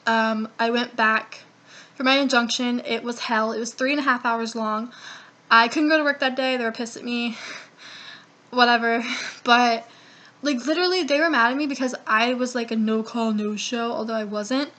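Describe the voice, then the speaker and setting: A young woman telling a story to camera in a casual vlog, animated and swearing often as she acts out what people said. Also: on the high side, normal speed. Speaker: vlogger.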